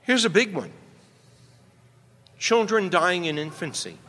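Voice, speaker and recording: A man's voice: sits high, very animated, measured pace, a bit bright. A male pastor preaching a sermon emphatically, often checking in with "right?". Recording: long reverb from a hall.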